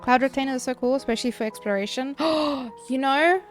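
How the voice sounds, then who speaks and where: A woman streaming a game, chatting casually with her viewers, swearing loosely and answering chat between quick laughs. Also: high voice, lively intonation, soft background music.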